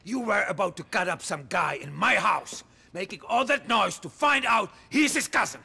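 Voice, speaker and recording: A hot-tempered mob boss with a gravelly, husky edge and a sharp, tense bite. He is high-pitched for a man and swings his voice wildly as he sneers. This is a crime game cutscene. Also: lively intonation, normal speed, full character voice. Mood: scornful. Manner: explosive, scornful. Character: volatile middle-aged mob boss, short-tempered.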